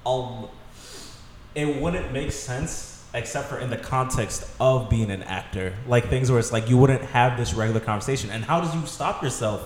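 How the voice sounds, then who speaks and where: A man's voice: medium pitch, normal speed, crowd noise. A man hosting a podcast, asking curious, loose and slangy questions in a casual interview. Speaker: podcast host. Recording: echoey room with long reverb and background noise.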